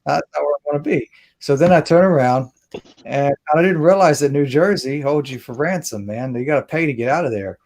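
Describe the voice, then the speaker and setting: A man's voice: medium pitch, a little fast, darkish tone. A man from Mississippi, hosting a casual video call and telling a rambling, self-interrupting story with laughs. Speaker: host. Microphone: webcam or phone on video call.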